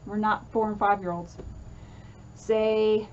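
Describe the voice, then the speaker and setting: A woman's voice: medium pitch, fairly even intonation, slow pace, a little mellow, dull audio, slight background noise. A woman teaching a casual lesson, chatty and full of fillers, acting out comforting quotes as she explains.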